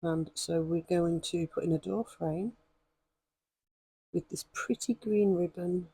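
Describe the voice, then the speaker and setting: A woman with a hoarse voice, chatting and rambling with many ums as she demonstrates stitching in a craft vlog. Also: lowish voice, steady tone, takes it slowly, dark tone, dry recording. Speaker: craft vlogger.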